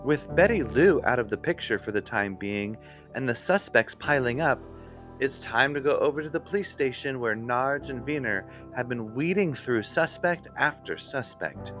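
A man narrating a mystery story in an unhurried, expressive way. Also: medium pitch.

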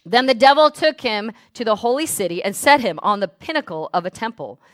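Woman pastor preaching, high voice, gets loud and fired up, dry close sound. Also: fairly quick, no room sound. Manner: animated preaching that swings from hushed asides to loud declarations; speaks in tongues at full volume. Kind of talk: sermon.

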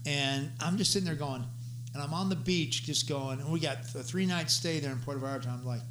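A man, a bass player and singer, telling a rambling story in casual chat with restarts and laughs. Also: a little fast, a bit bright, a little hiss or hum.

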